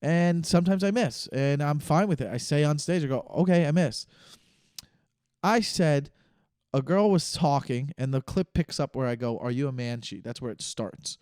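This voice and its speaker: A man's voice: a little high, expressive, normal speed, darkish tone, clean tone, dry recording, clean studio sound. A man hosting his own podcast, a stand-up comedian talking casually in a rambling, stop-start way and correcting himself mid-sentence. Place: living room.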